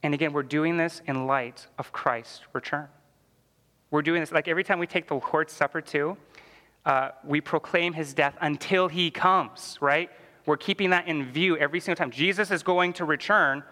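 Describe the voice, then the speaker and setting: A man's voice: on the high side, normal speed, bright, forceful tone, long reverb tail. A man teaching a church Bible class in a conversational way, full of "like" fillers and questions to the class.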